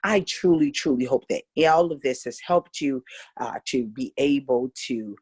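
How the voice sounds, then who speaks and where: A middle-aged woman with an American accent teaching a casual voice lesson, animated and coaxing, chatting straight to her students. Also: very deep voice, measured pace, husky. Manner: animated, coaxing, demonstrates exercises aloud. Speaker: vocal coach.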